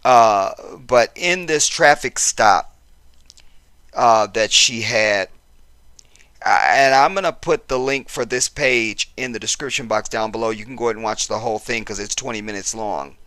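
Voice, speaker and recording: A man delivering a casual vlog commentary in a bright, forceful voice. He talks passionately and bluntly, swearing freely, and the sound is dry and close. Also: on the low side, moderate pace, smooth, dry recording. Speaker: vlogger commenting on the news.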